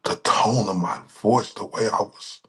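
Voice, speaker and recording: A man's voice: on the low side, a little slow, fairly bright tone. A man from Dallas streaming a reaction, ranting and mocking with heavy insults and repetition. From Dallas, Texas. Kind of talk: profane reaction rant.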